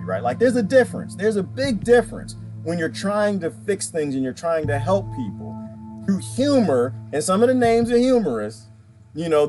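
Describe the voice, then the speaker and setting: A man talking casually on a live stream, answering viewer comments by name, rambling and emphatic and often repeating himself. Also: a little high. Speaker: vlogger reading viewer comments.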